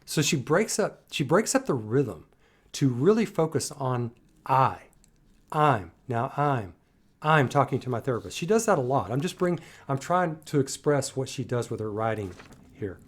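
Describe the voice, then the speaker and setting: A man hosts a music reaction in casual commentary, musing aloud and restarting and repeating words as he analyzes. His mid-range voice is sing-song with a breathy edge, at a moderate pace.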